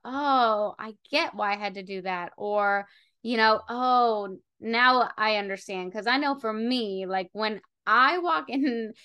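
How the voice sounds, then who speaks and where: A woman's voice: on the high side, slow, bright, forceful tone, smooth. A woman host in a casual faith conversation, encouraging her guest and asking open questions.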